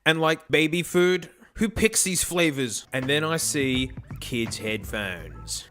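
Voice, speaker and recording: A man's voice: fairly high pitch, pushed and bright. A man streaming and vlogging in casual chat, rambling and laughing often.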